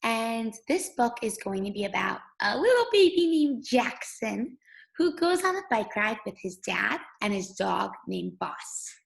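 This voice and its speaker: A woman teacher leading a guided reading lesson for young children, speaking slowly and patiently. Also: fairly high pitch, very animated, gravelly, rough recording. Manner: slow, patient, sing-song teacher voice.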